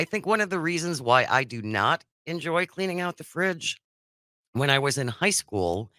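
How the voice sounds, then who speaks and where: Man, radio host, bright animated voice, teasing, dry room. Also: fairly high pitch, moderate pace, no room sound. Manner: teasing, lively. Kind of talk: casual radio banter.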